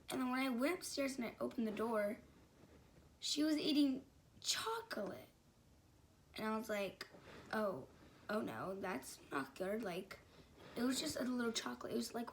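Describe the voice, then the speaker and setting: A woman's voice: on the high side, slight background noise. A young woman telling a personal story in a casual, rambling way, full of fillers and restarts. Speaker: vlogger.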